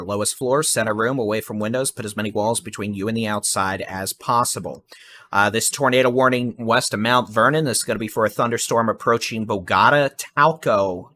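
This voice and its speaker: Urgent weather broadcaster, bright voice. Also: male voice, fairly low pitch. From Texas. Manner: fast, urgent, repeats safety instructions. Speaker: live severe weather broadcaster. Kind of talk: live weather warning commentary.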